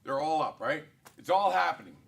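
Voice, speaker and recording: A man's voice: a little high, big pitch swings, fairly quick, creaky, fairly bright tone. A man leading a live sales training for real estate agents in a corporate studio, talking in an emphatic, punchy way and firing off rhetorical questions.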